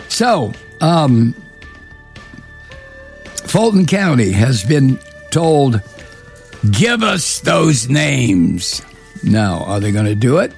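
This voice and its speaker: A man's voice: medium pitch, vocal fry, darkish tone. A man hosting a political commentary show, delivering a profane, scornful monologue with heavy emphasis.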